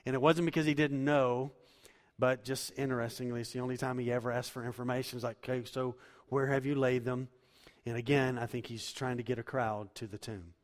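A male pastor delivers a sermon in a church sanctuary, his voice rising to loud emphasis and then dropping to near-hushed tones. His pitch sits in an ordinary middle range for a man. A long reverb trails each phrase through the hall. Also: little pitch movement, brisk.

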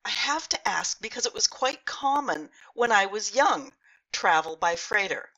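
A woman hosting a casual interview, playful and quick to laugh. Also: mid-range voice, animated, sharp tone, rough recording. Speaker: host.

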